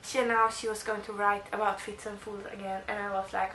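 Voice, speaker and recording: A woman's voice: mid-range voice, little pitch movement, normal speed, hardly any pauses, a bit bright, echoey room, slight background noise. A young woman vlogging to camera, gushing and rambling with lots of restarts. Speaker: book vlogger. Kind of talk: casual monologue to camera.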